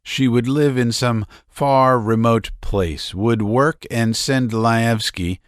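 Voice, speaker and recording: A man reads a classic novella aloud as an audiobook narrator, measured and expressive, in scripted literary narration. His voice sits in the mid-range, and the studio-quality recording has no echo.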